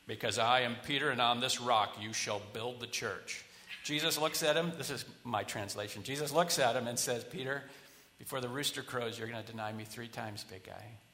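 A man preaching a sermon as pastor, talking casually, with quiet asides and loud rallying builds. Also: mid-range voice, normal speed, a little hiss or hum. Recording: long hall reverb.

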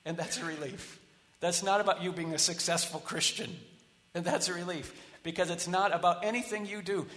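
Conversational preacher in a reverberant hall. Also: male voice, high voice, steady tone, a little fast. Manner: conversational preaching, swinging from quiet asides to loud rallying builds. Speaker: pastor. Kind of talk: sermon.

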